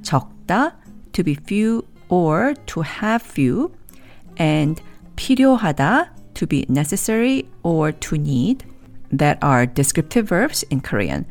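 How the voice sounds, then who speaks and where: A woman teaching a language lesson, explaining grammar in measured, clear scripted narration and repeating example sentences slowly. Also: deep voice, sing-song, darkish tone, soft background music.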